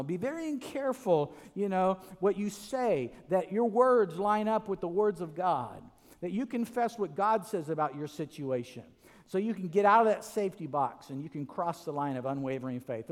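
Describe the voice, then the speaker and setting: Animated high-voiced male preacher. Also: normal speed, in a large hall. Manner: animated storytelling with many restarts and "right?" asides. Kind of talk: sermon.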